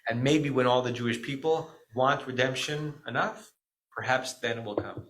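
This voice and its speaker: A middle-aged American rabbi gives a Shabbat teaching in a bright, forceful voice at a middle pitch. He talks conversationally, often stopping to check in with "right?" and correcting himself mid-sentence. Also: moderate pace, poor audio. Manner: conversational, frequent "right?" asides and self-corrections.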